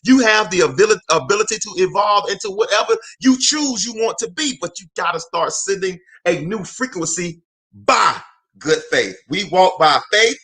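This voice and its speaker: Guy from alabama preaching motivation, high bright voice, keeps hammering points home. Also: lively intonation, moderate pace. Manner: emphatic, repetitive, calls out to listeners by name. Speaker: motivational host. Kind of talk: preacher-style motivational talk.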